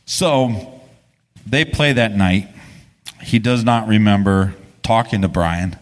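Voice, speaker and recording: A man co-hosts a live podcast before an audience. His low voice rambles casually, full of restarts and swearing. The hall adds a long reverb tail. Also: slow pace. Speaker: podcast co-host. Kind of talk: live podcast storytelling on stage.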